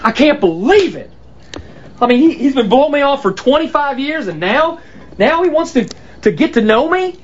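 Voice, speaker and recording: An actor playing a frustrated grown son who delivers pizzas, speaking in an exasperated, whiny way, heard in a film clip. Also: male voice, very high-pitched, very animated, normal speed, muffled recording, a little hiss or hum.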